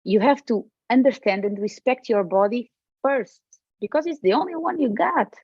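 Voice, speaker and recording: Speaking as a podcast guest, a woman with a Portuguese accent who practices medicine uses a fairly high, husky voice at normal speed. She's emphatic and animated and keeps repeating herself. The recording is dry and the audio dull.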